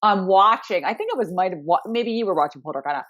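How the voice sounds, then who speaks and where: A woman's voice: mid-range voice, expressive, fast talker, a bit bright. A woman co-hosting a podcast, telling stories in a chatty, teasing way. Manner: chatty, teasing, giggly storyteller. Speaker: podcast co-host. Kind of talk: casual chat.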